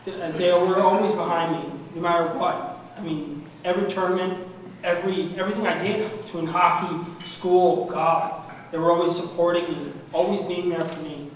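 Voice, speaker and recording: A young man giving an award acceptance speech, heartfelt and halting, clearly emotional. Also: sits high, fairly even intonation. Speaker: award recipient. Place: large banquet room at an annual meeting. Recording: echoey hall from far off, noisy.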